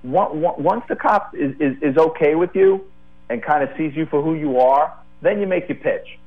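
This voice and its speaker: A middle-aged man, a retired police detective, telling stories as a guest on a call-in show. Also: fairly high pitch. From the Bronx, New York. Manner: animated, quick to tell a funny story. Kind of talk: casual storytelling. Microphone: phone call. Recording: tinny phone line.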